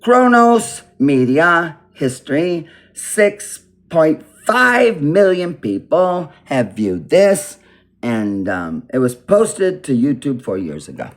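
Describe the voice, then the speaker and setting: A man's voice: a little high, huge pitch swings, slow. A man giving casual commentary over a video, rambling and repeating words as he mock-teaches pronunciation. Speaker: video reactor.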